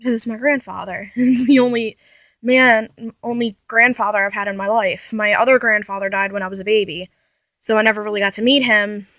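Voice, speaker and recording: A woman's voice: mid-range voice, steady tone, brisk, a bit bright, no room sound. A young woman vlogging casually about her life, rambling and often correcting herself as she talks. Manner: rambling, restarts and self-corrections, chatty. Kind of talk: casual personal vlog.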